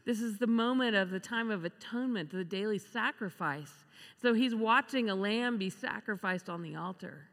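A woman delivers a sermon in a bright, clear voice, slipping into the voices of the people she quotes. Her speech rings out with a long reverb, as in a large hall. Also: mid-range voice, normal speed. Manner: expressive, acts out quoted voices with laughs. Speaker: preacher.

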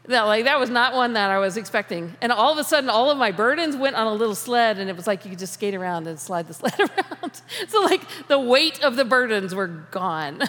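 A woman's voice: fairly high pitch, expressive, fairly quick, fairly bright tone. A woman giving a conversational sermon on prayer, talking informally, restarting phrases and laughing often. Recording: long reverb of a large hall.

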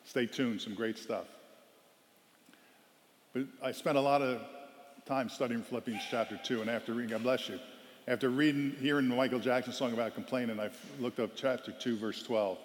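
A man giving a storytelling sermon as a guest speaker, animated and loudly acting out quoted lines. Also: medium pitch, moderate pace, slight background noise. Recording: long hall reverb.

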